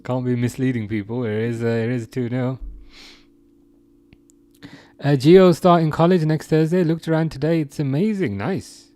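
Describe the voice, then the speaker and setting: A man's voice: mid-range voice, fairly even intonation, normal speed, long pauses, mellow, no echo, faint music behind. A young man from England hosting a casual live chat, reading out viewer comments, laughing often and restarting his sentences. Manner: chatty, laughs often, many restarts and fillers. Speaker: live stream host.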